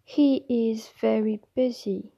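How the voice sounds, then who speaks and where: A woman's voice: fairly even intonation, takes it slowly, creaky, dark tone, husky, highs cut off, full character voice. A woman voicing a timid, anxious female house elf servant who speaks with broken grammar and keeps saying "sir". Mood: anxious deferential. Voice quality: squeaky, quivering.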